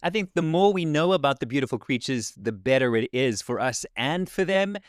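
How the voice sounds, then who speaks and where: A South African man with a slight American Southern twang, a podcast guest telling his story in a relaxed, reflective way over a video call. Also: medium pitch, brisk, no room sound, studio quality. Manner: reflective storyteller, warm thanks, laughs often. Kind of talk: casual interview chat.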